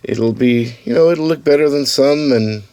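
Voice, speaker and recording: A man casually talking to camera as he shows the parts of a model car he is building, easygoing and unhurried, with the odd restart. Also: mid-range voice, mellow, dry recording. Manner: easygoing, talks to camera while showing parts, with small restarts. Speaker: hobbyist building custom slot cars. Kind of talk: casual build-update video.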